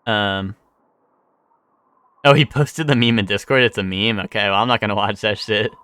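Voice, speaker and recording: Guy streamer rambling to chat, bright clear voice, dry close mic, lots of likes and ums. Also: lowish voice, steady tone, normal speed, dry recording. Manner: rambling, many fillers and restarts, swears. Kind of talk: casual chat.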